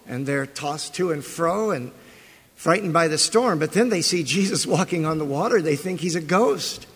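Male pastor, fairly high husky voice, lively storytelling sermon, long church reverb. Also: normal speed. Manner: animated storytelling preacher, asks the congregation questions. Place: church sanctuary.

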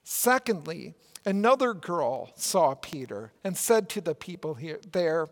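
A male pastor with a Minnesota accent preaching a sermon in a church, earnest and measured, with emphatic rises. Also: fairly high pitch, sing-song. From Minnesota, United States. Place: church sanctuary. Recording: long church reverb.

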